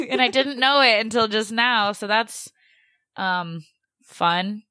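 A woman's voice: mid-range voice, a little slow, sharp tone, no room sound. A young woman co-hosting a casual podcast, chatty and sarcastic, with lots of "like" and dry asides. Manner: chatty, sarcastic, says "like" a lot. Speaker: podcast co-host.

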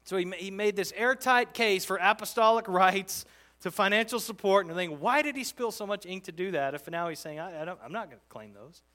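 A man preaching a verse-by-verse sermon, talking conversationally but with emphatic, animated bursts. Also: high-pitched, brisk. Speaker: pastor. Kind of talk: expository sermon.

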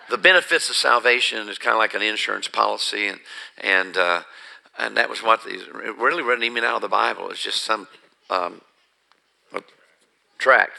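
A man's voice: medium pitch, creaky, sharp tone, poor audio. A man preacher telling his personal testimony as a sermon, earnest and building to emphasis. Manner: earnest storytelling, rising to emphatic.

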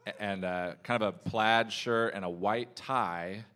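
A man's voice: on the low side, measured pace, pushed and bright. A man hosting a live comedy podcast, telling a rambling anecdote and quoting people in shifting voices. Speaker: podcast host. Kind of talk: live podcast banter and storytelling. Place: live show before an audience.

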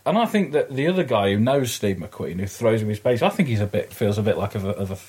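A man in casual film chat with a husky, slightly breathy voice. His pitch swings widely as he gets animated, and he laughs through his sentences and swears freely. He often stops and restarts a thought. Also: fast.

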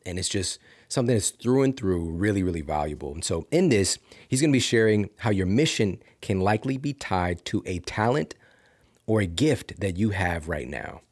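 A man hosting a podcast, introducing a clip with enthusiasm. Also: sits low. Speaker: podcast host.

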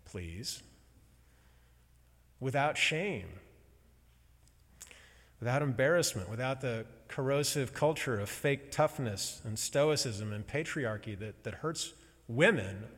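A man preaches a personal sermon in slow, halting bursts, pausing between phrases as he builds feeling. His voice sits at an ordinary middle pitch. A long reverb trails his words through a large hall. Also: animated, fairly bright tone, breathy edge. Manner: slow, halting, emotional storytelling with pauses.

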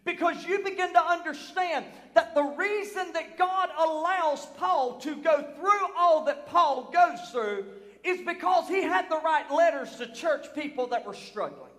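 High-voiced preacher in a reverberant church. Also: male voice, measured pace. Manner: preacherly, building from soft to shouted emphasis. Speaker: pastor. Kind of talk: sermon. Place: church sanctuary. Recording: long hall reverb.

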